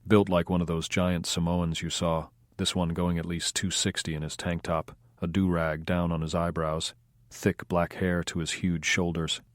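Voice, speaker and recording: A man reading an audiobook in measured scripted narration. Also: deep voice, little pitch movement, no echo, clean studio sound.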